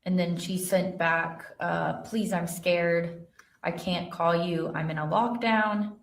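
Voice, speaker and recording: A woman with a very low voice testifies as an investigator, reading text messages aloud in a plain, steady way and pausing on fillers. She is picked up from a distance in a roomy, echoing courtroom. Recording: roomy courtroom audio from far off.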